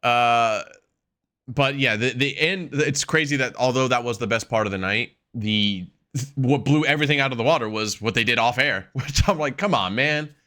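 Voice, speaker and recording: A man's voice: mid-range voice, normal speed, bright, forceful tone. A man co-hosting a wrestling podcast, chatting casually, swearing freely and laughing often as he acts out quotes. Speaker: podcast co-host.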